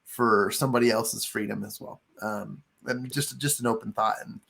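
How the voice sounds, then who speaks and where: Gravelly man sharing earnest advice. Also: on the low side, steady tone, moderate pace, a bit bright. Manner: earnest, rambling with fillers. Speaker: book club co-host. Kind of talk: casual discussion.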